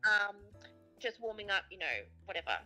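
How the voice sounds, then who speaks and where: Woman, middle-aged, bright voice, dry sarcastic teasing, faint music behind. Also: mid-range voice, big pitch swings, moderate pace, poor audio. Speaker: guest sister. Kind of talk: casual chat.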